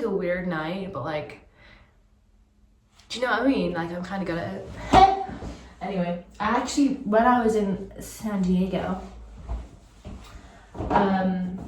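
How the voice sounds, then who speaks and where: A woman's voice: medium pitch, distant mic, a little hiss or hum. A young woman with a Geordie accent, hungover, chatting rambly to her phone camera while getting ready in her bathroom. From Newcastle, England. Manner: rambling, chatty, many fillers. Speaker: vlogger. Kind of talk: casual chat to camera. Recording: echoey room, voice off-mic.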